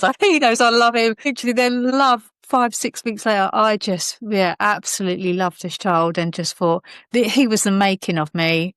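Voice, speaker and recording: A woman's voice: mid-range voice, a bit bright, smooth, no echo. British woman telling her story, dry sound. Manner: rambling, many fillers and restarts. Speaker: podcast guest, author. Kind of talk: candid personal storytelling.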